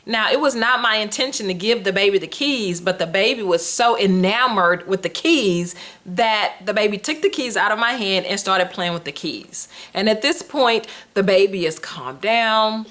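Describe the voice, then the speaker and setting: A woman's voice: medium pitch, normal speed. A woman podcast host, telling a personal story casually and acting out the dialogue. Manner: animated, conversational, acts out quoted dialogue.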